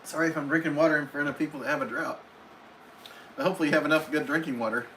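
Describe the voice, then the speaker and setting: A man's voice: fairly high pitch, fairly even intonation, very fast, pushed and bright, a little hiss or hum, poor audio. A man hosting a casual live stream from home, reading viewers' comments aloud and answering each one in a friendly, chatty way.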